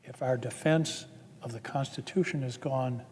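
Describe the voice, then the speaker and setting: A man's voice: mid-range voice, moderate pace, a little mellow, a little hiss or hum. A man, a senator, giving a formal floor speech with earnest, building emphasis. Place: legislative chamber. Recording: long reverb of a large chamber.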